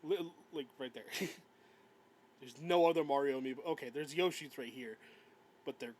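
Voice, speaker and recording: A man's voice: on the high side, normal speed, a little mellow, a little hiss or hum, poor audio. A man co-hosting a podcast, chatting about games in a rambling way with frequent stammers and giggles. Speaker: podcast co-host. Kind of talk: casual gaming chat.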